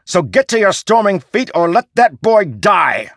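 A man voicing a blunt, gruff male soldier who is pushy and urgent, in an audiobook reading. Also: a little high, lively intonation, measured pace, dry recording, clean studio sound, voice pushed up. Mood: insistent. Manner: loud, commanding, swears by storms.

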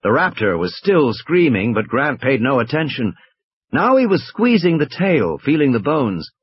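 A man narrating an audiobook in an expressive, varied reading. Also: medium pitch, moderate pace, slightly rough, muffled recording.

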